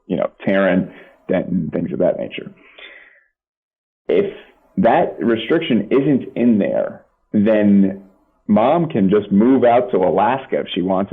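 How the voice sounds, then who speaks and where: A man's voice: deep voice, slightly rough. A man, a family law attorney and podcast guest, explaining legal points plainly with practical examples. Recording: tinny phone-like line.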